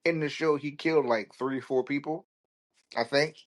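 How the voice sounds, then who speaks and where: A man's voice: a little high, fairly even intonation, normal speed. Blunt, foul-mouthed male podcast host. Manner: profane, rambling, blunt. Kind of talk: casual solo podcast commentary.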